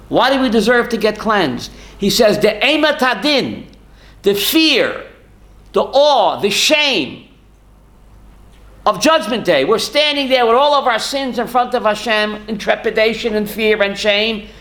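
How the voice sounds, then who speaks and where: High-voiced rabbi teaching a class. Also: male voice, a bit bright. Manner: questions the class and answers himself, with Hebrew and Yiddish terms. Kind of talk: Torah class.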